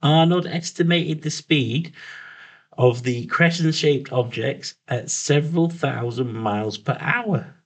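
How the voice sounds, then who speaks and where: A man's voice: on the high side, takes it slowly. A man co-hosting a casual chat, reading out an account with frequent stumbles and self-corrections. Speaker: podcast co-host reading the story. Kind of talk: casual banter, reading out notes.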